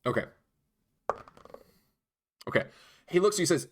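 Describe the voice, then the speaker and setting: A man narrating a tabletop game as dungeon master, animated and quick to laugh. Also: high-pitched, breathy edge.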